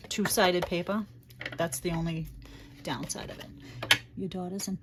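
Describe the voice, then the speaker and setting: A woman's voice: on the low side, measured pace, a little hiss or hum. A woman with a Boston accent from Massachusetts, casually talking viewers through a crafting project and greeting them as she works. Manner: chatty, thinks aloud while working, greets viewers by place. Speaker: crafting livestream host.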